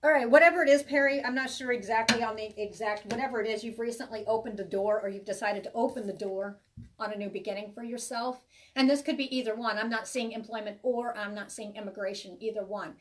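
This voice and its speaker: A woman's voice: fairly high pitch, steady tone, quick pace, far from the mic. A woman giving a live tarot reading to viewers, chatty and reassuring, rambling with many restarts. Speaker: tarot reader.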